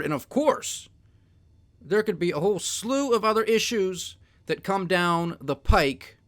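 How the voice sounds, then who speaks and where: A man's voice: a little high, fairly bright tone. A man hosting a podcast, giving solo commentary on markets and politics in a sardonic, emphatic, ranting manner. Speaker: podcast host.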